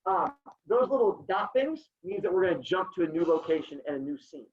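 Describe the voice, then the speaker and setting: A man with a high, sing-song voice reads a story to his class over a video call at a fairly quick clip. Between passages he tosses playful jokes to the students, and the sound comes through dull and lo-fi.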